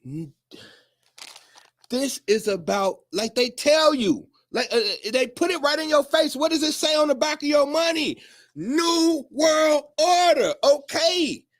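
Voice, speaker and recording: A man speaking in a profane, preachy monologue to his viewers, often rising into shouts. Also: extremely high pitch, lively intonation, a little slow. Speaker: commentator. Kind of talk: animated monologue to camera.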